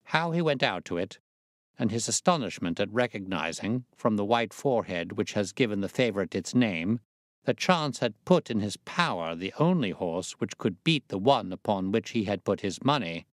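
Confident detective, crisp and faintly amused, low dry voice, read by a man. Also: animated, moderate pace, no room sound, natural voice. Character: sharp, self-assured male detective.

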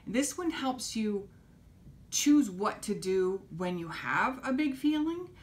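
A woman teaching young children, gently coaxing them to repeat simple phrases after her. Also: mid-range voice, animated, takes it slowly. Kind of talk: children's lesson.

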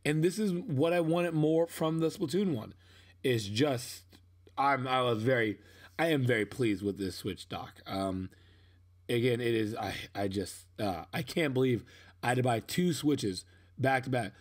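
A man's voice: medium pitch, measured pace. Young male vlogger, casual voice-over, rambling and self-mocking, prone to sudden outbursts. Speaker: unboxing vlogger.

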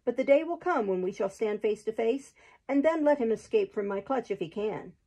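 A woman's voice: on the high side, lively intonation, normal speed, warm tone. A woman voicing a surly, greedy male sheriff in a storybook, growling, scornful and impatient.

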